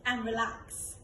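A young woman teaching an online children's drama and dance class, calling out game commands loudly and brightly. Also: slight background noise. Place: dance studio room. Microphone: camera from a distance. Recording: echoey room, voice from far off.

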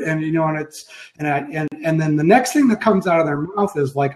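A man's voice: on the high side, animated, fairly quick, darkish tone. A middle-aged man co-hosting a casual web chat, talking in an easygoing, reflective way and often restarting his sentences. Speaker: co-host, sidekick to the main host. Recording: echoey room.

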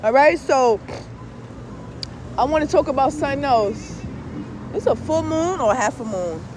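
A woman with a very high voice rambles on in a loose, profane monologue, blunt and animated. Faint street and traffic noise sits behind her. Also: a little slow. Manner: profane and blunt, peppered with swear-word fillers; animated, with frequent laughs and asides. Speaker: tarot reader and spiritual vlogger.

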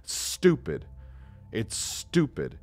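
A man's voice: medium pitch, huge pitch swings, very slow, a little mellow. A male streamer ranting about a game's story with exasperated, profane sarcasm. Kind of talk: ranting live game commentary.

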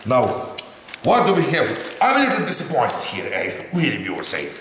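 Animated man with a lively, echoey voice. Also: medium pitch, normal speed. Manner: animated, theatrical complaining, tags lines with "eh?". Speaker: RC hobby channel host. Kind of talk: casual unboxing chat. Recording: echoey room with faint noise.

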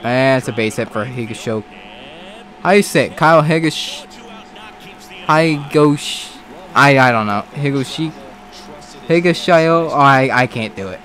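Excitable man commentating his own game. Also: a little high, normal speed. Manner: excitable, swears, talks to the game. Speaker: gaming commentator. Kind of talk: casual let's-play commentary.

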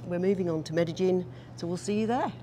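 A woman narrating a casual travel vlog, chatty and relaxed with frequent ums. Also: fairly low pitch, fast. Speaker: travel vlogger. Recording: background noise.

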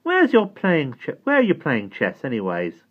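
A man's voice: fairly high pitch, huge pitch swings, normal speed, voice pushed up. A man voicing a cheeky young street girl with a chirpy, slangy manner. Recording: tinny phone-like sound.

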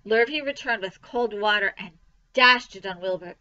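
A woman reading a children's storybook aloud for a library, with an expressive, lively delivery. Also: medium pitch, moderate pace, muffled recording.

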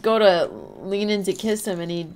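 A woman's voice: mid-range voice, fairly even intonation, moderate pace, a little mellow, clean tone. A woman live-streaming a game, chatting casually, rambling and reading out and answering her chat. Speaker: livestreamer.

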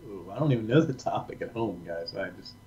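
A man's voice: fairly low pitch, animated, brisk, mellow, muffled recording, a little hiss or hum. A man co-hosting a podcast, joking around and laughing often in casual chat. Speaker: podcast co-host.

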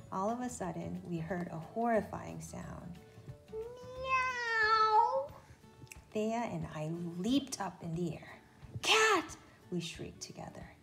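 Lady reading a kids book out loud, lively and expressive, some vocal fry, faint music behind. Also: lowish voice. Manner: expressive, lively read-aloud narration. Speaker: storybook reader. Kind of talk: reading a children's book aloud.

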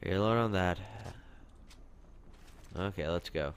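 A young man commentating on his own gameplay, excitable, yelping and complaining at the game as he plays. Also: low-pitched, slow, slight background noise. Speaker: gaming commentator.

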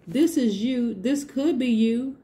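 A woman voicing a bird that pleads for freedom in a high, drawn-out, coaxing tone. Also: warm tone.

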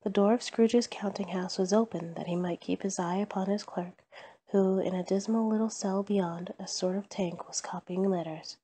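A woman reading a classic story aloud at bedtime, calm and measured. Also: mid-range voice, breathy edge.

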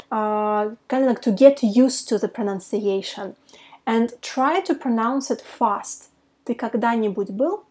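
A woman teaching a language lesson who says her example phrases slowly and carefully, with a Russian mother tongue. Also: fairly high pitch, a little mellow. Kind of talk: casual online language lesson.

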